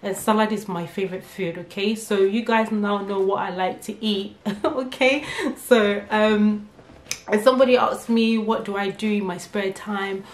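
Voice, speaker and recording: A woman's voice: medium pitch, steady tone, moderate pace. Chatty young woman vlogger, echoey room. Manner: chatty and candid, laughs often, many fillers; nervous talking about herself. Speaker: beauty vlogger. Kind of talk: casual get-to-know-me Q&A. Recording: echoey room with faint music.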